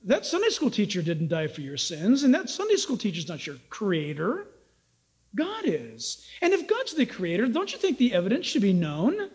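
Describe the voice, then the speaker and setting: A man's voice: high-pitched, huge pitch swings, normal speed, slightly rough. A man preaching a radio sermon as pastor, emphatic and exhorting, firing rhetorical questions at listeners. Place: Southern California church.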